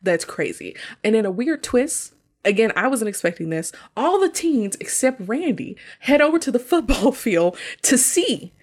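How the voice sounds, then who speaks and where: A woman's voice: a little high, very animated, moderate pace, a little mellow. A woman casually recapping a horror movie plot, chatty and often laughing. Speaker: podcast host.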